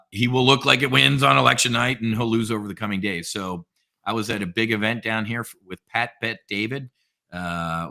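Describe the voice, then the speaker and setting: Guest trader, male, low bright voice, lively slangy storyteller. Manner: energetic storyteller, casual slang. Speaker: podcast guest, options trader. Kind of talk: casual podcast chat.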